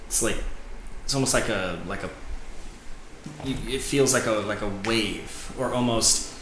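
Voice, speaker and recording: A man narrating a tabletop game as game master, halting and rambling with many fillers. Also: fairly low pitch. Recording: echoey room with background noise.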